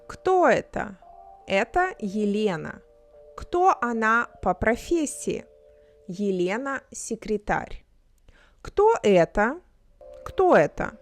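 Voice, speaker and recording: A woman gives an unhurried, carefully paced language lesson. She says each word slowly and repeats it so learners can copy her, at a middle pitch. Faint music plays behind her voice. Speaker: language teacher. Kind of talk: slow, clear language lesson with repetition.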